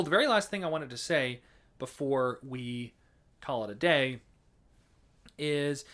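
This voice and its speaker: A man's voice: mid-range voice, fairly bright tone. An American man giving a casual educational talk about folk songs, chatty and explanatory, often restarting his sentences. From United States. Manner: chatty explaining, frequent restarts and hedging fillers. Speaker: folk song presenter.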